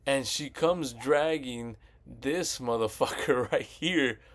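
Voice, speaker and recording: A man's voice: medium pitch, slow. A man casually ranting about a movie sequel, rambling and swearing as he retells scenes. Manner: profane, rambling, retells scenes with quoted voices. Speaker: movie commentary vlogger.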